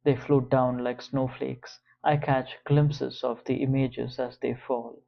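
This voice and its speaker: A man narrating an audiobook in the first person, with a measured, even reading. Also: medium pitch, creaky, lo-fi sound.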